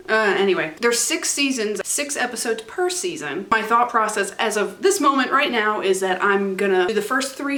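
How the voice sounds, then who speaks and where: A woman's voice: medium pitch, a bit bright. A woman vlogging from a room at home, recapping a TV show in a rambling, casual way and often laughing at herself. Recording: roomy echo.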